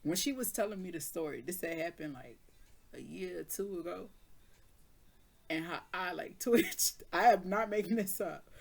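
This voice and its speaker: A woman's voice: lowish voice, normal speed, vocal fry. A woman reading tarot cards, then telling a story in casual, slangy speech. She laughs often and acts out both sides of the conversation. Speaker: tarot reader.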